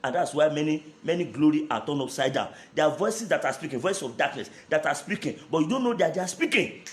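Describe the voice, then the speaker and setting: A man's voice: a little high, lively intonation, fast talker. Brief: male pastor, fervent prayer leader, tongues between lines, roomy echo. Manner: speaks in tongues between shouted prayer lines, switches to Yoruba.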